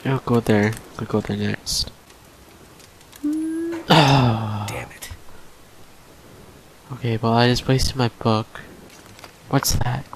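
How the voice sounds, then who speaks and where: A tired young man, a gaming channel host, mumbles to himself late at night while playing a survival game, feeling drained. His mid-range voice is sing-song and very slow, with long pauses, sighs and nervous little laughs. The recording carries a little hiss or hum.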